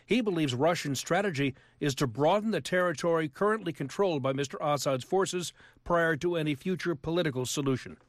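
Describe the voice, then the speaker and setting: A male news reporter reads his script briskly and cleanly. His voice sits a little high for a man, and the recording is dry and close. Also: no room sound.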